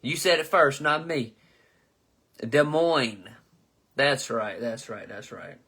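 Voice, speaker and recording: Slow-paced yet lively in intonation, the host's mid-range voice is bright and forceful with a breathy edge. A southern US man in his twenties, he reads viewer comments on a live comedy chat, swearing heavily, joking loosely and stumbling over names.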